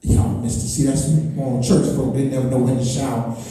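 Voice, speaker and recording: Chanting preacher in an echoey hall. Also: male voice, mid-range voice, flat delivery, normal speed, dark tone, far from the mic. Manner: preaching with sing-song chanted rises. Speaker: pastor. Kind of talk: sermon. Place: large church hall.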